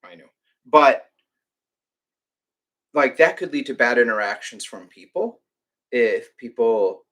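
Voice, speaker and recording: A man's voice: mid-range voice, lively intonation, slow pace, a bit bright. A man who runs a reptile rescue, chatting on a live stream and ranting with lots of restarts and filler words. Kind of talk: casual live-stream chat.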